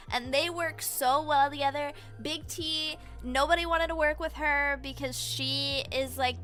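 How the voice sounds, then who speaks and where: A woman streams in casual chat, her voice pitched high and ringing bright. She rambles excitably through her retelling and leans on "like" at every turn.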